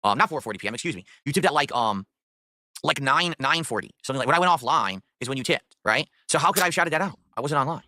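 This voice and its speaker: A man hosting a live stream, reading tips and questions aloud with dry sarcasm. He talks very fast in a bright, forward voice. The sound is dry and close. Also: mid-range voice, animated, dry recording. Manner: fast, chatty, dryly sarcastic. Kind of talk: casual live-stream chat.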